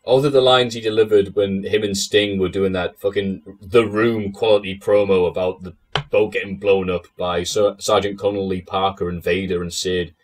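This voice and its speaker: A man's voice: low voice, flat delivery, normal speed. Laughing, sardonic man in casual chat. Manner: sardonic, swearing, laughing often. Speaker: interview guest.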